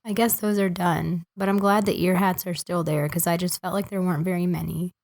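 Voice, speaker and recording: A woman co-hosting a podcast, hoarse from a cold, chatting casually. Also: on the low side, fairly even intonation, brisk, a little mellow. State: hoarse from being sick. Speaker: podcast co-host. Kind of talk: casual chat.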